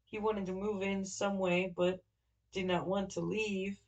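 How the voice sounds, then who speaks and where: A woman narrating a classic novel in a steady, even storytelling manner. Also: medium pitch, unhurried, rough recording. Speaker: audiobook narrator.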